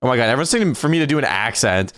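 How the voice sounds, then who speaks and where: A man's voice: medium pitch, lively intonation, rapid-fire, a bit bright, dry recording, studio quality. A man hosting a casual gaming livestream, chatting playfully and reading out donations. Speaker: livestream host.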